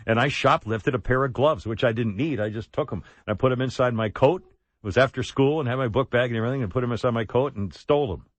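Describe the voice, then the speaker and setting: A man's voice: medium pitch, fast talker, no echo. A man hosting a radio talk show in a casual chat style, rambling and self-mocking, on a studio microphone.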